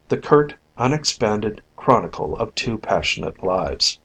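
A man narrating a story in an even, measured audiobook reading. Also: lowish voice, vocal fry, slightly rough, poor audio. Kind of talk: scripted narration.

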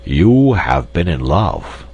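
Sleepy slow fortune teller beast, man voicing it, deep and deadpan, storybook. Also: creaky, slightly rough, muffled recording, exaggerated voice. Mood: drowsy. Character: sleepy, shabby male fortune-teller hippo.

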